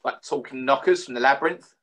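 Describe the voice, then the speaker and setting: A man, a player in a tabletop game, teasing the others with quick jabs. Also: medium pitch, a bit bright. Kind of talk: casual banter over a game.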